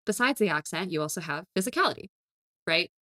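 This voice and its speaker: A woman's voice: on the low side, expressive, fast talker, sharp tone, no room sound, studio quality. A woman co-hosting a casual podcast about tabletop games, talking with energy and laughing often. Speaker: podcast co-host.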